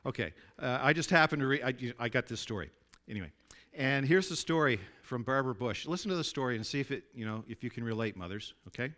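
A man preaching a sermon in a conversational way, often asking his listeners to agree and dropping his voice low and soft for emphasis. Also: lively intonation, fast talker. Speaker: pastor.

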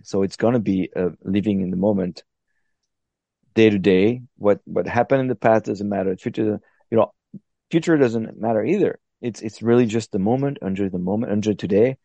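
A podcast guest who paddles long distances talks reflectively about his methods, walking through them step by step with frequent restarts. His voice is on the low side, creaky and dark, at normal speed, in a dry, dull-sounding recording.

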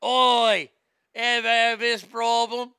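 A man putting on a hammy fake British accent, playing a prince as an infomercial pitchman, and the accent keeps slipping toward Australian. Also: flat delivery, slow, pushed and bright, clear, resonant tone, dry recording, studio quality, full character voice.

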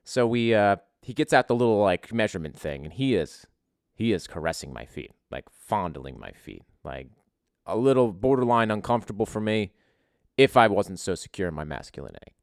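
A man's voice: on the low side, fairly quick, gravelly, no echo, studio quality. A man hosting a casual podcast, telling a crude, joking story full of swearing. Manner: profane, joking, animated. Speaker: podcast host.

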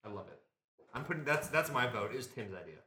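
A man hosting a casual podcast chat, excitable and swearing freely. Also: mid-range voice, a little fast, a little hiss or hum. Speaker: podcast host. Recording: roomy echo.

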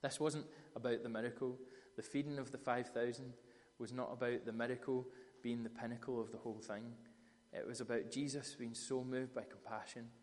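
A man preaching a sermon, telling stories in an animated, conversational way. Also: medium pitch, brisk, few pauses, long reverb tail. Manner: storytelling, animated retellings of scripture.

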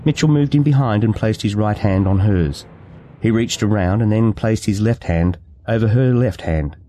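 A man narrating a novel excerpt in a measured, even storytelling manner. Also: fairly low pitch, slight background noise. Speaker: audiobook narrator. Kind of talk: scripted narration.

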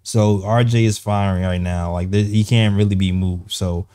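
A man's voice: lowish voice, fairly even intonation, moderate pace, mellow. A man hosting a basketball show, talking in a loose, rambling way and laughing easily. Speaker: podcast host. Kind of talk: casual basketball chat.

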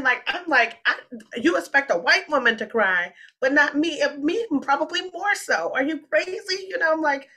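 A woman from the Washington, D.C. area telling a story in casual podcast chat, animated and rambling, with frequent restarts. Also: sits high, normal speed.

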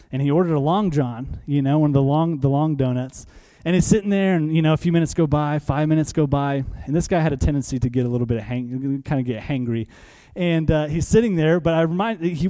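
A male preacher gives a sermon in a church. His voice sits a little high yet sounds warm and mellow, with nothing sharp in it. He talks with the congregation, asking questions and answering them himself, and repeats key phrases to drive them home. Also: fast, few pauses. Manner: conversational, asks the room questions and answers them.

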